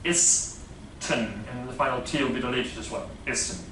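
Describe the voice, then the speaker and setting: A man's voice: mid-range voice, moderate pace, background noise. A man with a Dutch accent giving a classroom lecture on phonetics, explaining step by step with many fillers and frequent checks of "yeah?". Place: lecture room. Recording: echoey lecture room from a distance.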